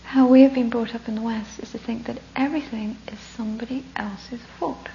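Storytelling woman teacher with a gravelly voice. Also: a little high, steady tone, a little fast. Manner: breaks into breathy whispers, laughs often, warm storytelling. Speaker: Buddhist teacher. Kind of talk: dharma talk with a story. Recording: dull lo-fi recording with faint hum.

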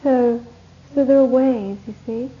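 A woman's voice: on the high side, steady tone, a little slow. A woman teaching a Buddhist course, giving a rambling, anecdotal dharma talk to a retreat group and laughing often. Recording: dull lo-fi recording, faint hiss.

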